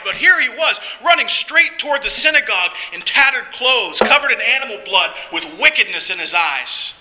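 A man's voice: very high voice, pushed and bright, low-quality recording. A man narrating a first-person story in an earnest, dramatic storytelling manner.

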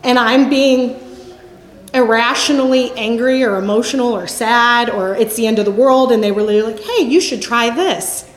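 High-voiced woman, echoey room. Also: steady tone, moderate pace. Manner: conversational, storytelling, often trails off softly. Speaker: speaker giving a faith-based talk. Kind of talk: candid Christian teaching talk.

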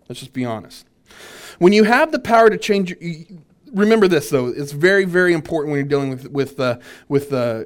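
A man, a minister, teaching a church workshop on boundaries, animated and full of restarts as he tells stories. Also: a little high. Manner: animated storytelling with many restarts.

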